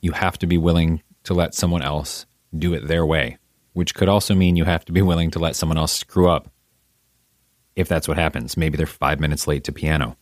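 A man in casual podcast chat, calm, reassuring and reflective. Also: very deep voice, a little fast, dry recording, studio quality.

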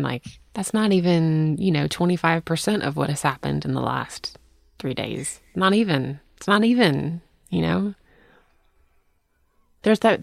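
A woman's voice: low voice, creaky, dry recording, studio quality. A woman co-hosting a casual chat, telling rambling, self-deprecating stories. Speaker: podcast co-host.

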